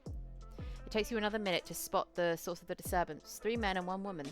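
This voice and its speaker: A woman's voice: mid-range voice, fairly even intonation, brisk, faint music behind. A woman narrating a solo tabletop role-playing game in a casual second-person style, correcting herself as she goes.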